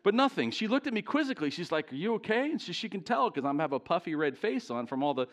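In a storytelling sermon before a live congregation in church, a middle-aged man shares a personal story with self-deprecating humor, talking straight to the crowd and often asking them questions. He's animated. His voice is on the high side, and his pace is quick.

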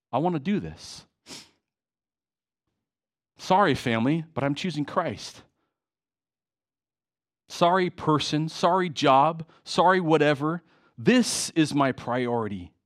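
A man preaching a sermon to his congregation in a church, emotional and impassioned, with frequent restarts. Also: sits high. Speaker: pastor. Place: church hall.

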